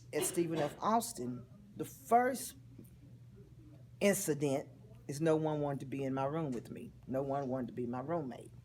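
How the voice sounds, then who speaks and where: A woman, telling a personal story in an interview in a heartfelt, expressive way. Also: sits low, a little hiss or hum. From Texas. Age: 50s.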